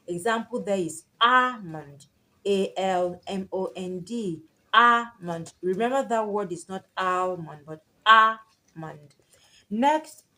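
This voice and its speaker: Slow, deliberate woman teaching pronunciation. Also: mid-range voice, a bit bright. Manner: spells words letter by letter and repeats them; stretches target vowels for emphasis.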